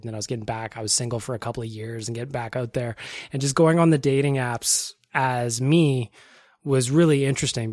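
A man's voice: mid-range voice, darkish tone, dry recording. A young male podcast host chatting casually and enthusiastically, with self-deprecating humor.

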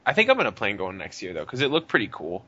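A man's voice: fairly low pitch, fast talker, lo-fi sound. A man co-hosting a podcast in casual chat, rambling and swearing freely. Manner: animated, profane, rambling. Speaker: podcast co-host.

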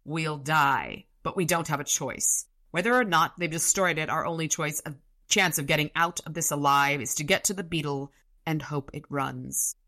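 A woman's voice: low-pitched, moderate pace, bright, forceful tone. Woman reading a stubborn commanding wizard. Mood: urgent. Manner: firm, commanding, urgent. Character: stubborn, wounded wizard man taking charge.

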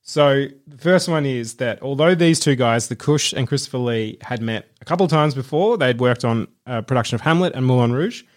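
A man's voice: mid-range voice, a little fast, few pauses. Enthusiastic man sharing film trivia. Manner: enthusiastic, laughs often. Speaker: podcast co-host sharing film facts. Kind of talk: casual chat.

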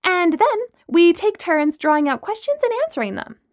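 A woman's voice: very high voice, very animated, normal speed, pitched above the performer's own voice, full character voice. A woman reading a story voices a scheming young hostess who talks with sweet, mischievous emphasis. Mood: sly cheer. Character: scheming, theatrical young woman hosting friends.

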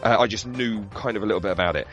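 A man's voice: lowish voice, rapid-fire, muffled recording, soft background music. A man chatting casually about video games on a podcast, telling stories with lots of swearing and laughter. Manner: animated storytelling with swearing and laughter. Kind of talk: casual gaming chat.

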